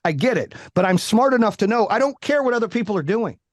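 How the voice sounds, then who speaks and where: Speaking fast in a voice that sits high, a middle-aged podcast guest gives blunt, profane, animated answers in candid interview talk. There's no room sound, and the studio audio is clean.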